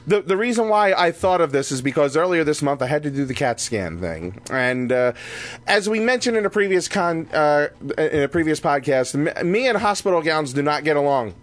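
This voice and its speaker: A man's voice: on the high side, very animated, normal speed. A man hosting a podcast, telling a story in a casual, joking way. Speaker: podcast host. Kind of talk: casual chat.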